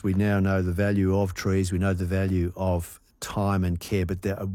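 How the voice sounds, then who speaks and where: Deep reflective radio host. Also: male voice, warm tone, no echo, clean studio sound. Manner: reflective, with drawn-out musing pauses. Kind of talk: radio talk segment.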